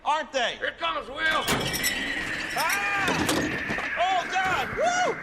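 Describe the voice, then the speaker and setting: An actor playing a jittery, loud-mouthed young man who yelps panicky exclamations in a film. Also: very high voice, very animated, drawn-out words, heavily acted. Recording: film audio under loud music.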